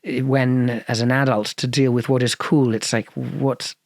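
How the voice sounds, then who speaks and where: A man's voice: mid-range voice, little pitch movement, unhurried, gravelly, dry recording, clean studio sound. A man with a posh English accent, a guest telling long stories in an interview, rambling with many restarts and fillers. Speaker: guest musician. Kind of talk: casual interview storytelling.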